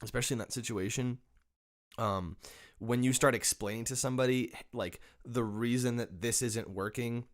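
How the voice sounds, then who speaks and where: A podcast host talking things over in a relaxed, reflective way. He stops and starts, repeating words while he works out what he means. His voice sits at a middling pitch for a man. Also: moderate pace. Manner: thoughtful, many restarts and repeated words. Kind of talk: casual conversation.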